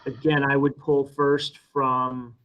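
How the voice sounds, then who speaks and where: A man's voice: medium pitch, flat delivery, takes it slowly, narrow, tinny audio. A man explaining school budget matters in a council meeting over a video call, with some hesitation. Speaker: school administrator.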